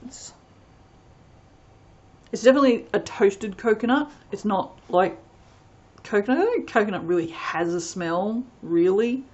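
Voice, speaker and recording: A woman's voice: mid-range voice, expressive, normal speed, darkish tone, dull audio. A woman chatting casually as she reviews soap fragrances, rambling and reading product blurbs aloud. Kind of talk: casual unboxing chat.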